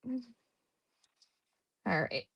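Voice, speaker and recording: A woman's voice: extremely slow, lo-fi sound. A woman hosting a true crime livestream, chatting casually with sarcastic jokes.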